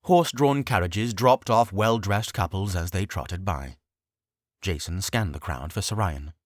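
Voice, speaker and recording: A man reading a fantasy audiobook as narrator, with steady, expressive storytelling. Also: low-pitched, a little slow, no echo, clean studio sound.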